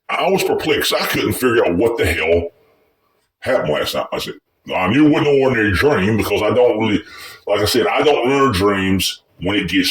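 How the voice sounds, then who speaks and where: A man with a low voice tells a personal story in a loose, rambling way, swearing freely and often restarting his sentences. His pitch swings widely as he talks. He sounds somewhat distant from the mic. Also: a bit bright. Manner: rambling and profane, with many restarts. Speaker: vlogger telling a personal story. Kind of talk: casual storytelling.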